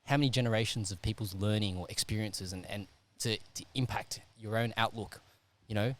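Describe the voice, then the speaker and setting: A man hosting a casual chat, working through an idea out loud and checking in with the listener as he goes. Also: on the low side, fairly quick. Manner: thinks out loud, keeps checking in with "right?".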